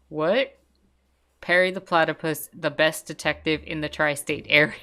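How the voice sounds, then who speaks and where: A young adult woman streamer chatting casually and reading viewer messages aloud, with a giggly, relaxed manner. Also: sits low, normal speed, clean tone. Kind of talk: casual livestream chat.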